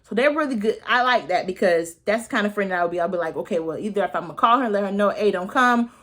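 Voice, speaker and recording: A woman in her thirties giving a casual, sassy recap of a reality show, chatty and full of slang and quick asides. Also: medium pitch, animated, a bit bright. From United States. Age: 30s.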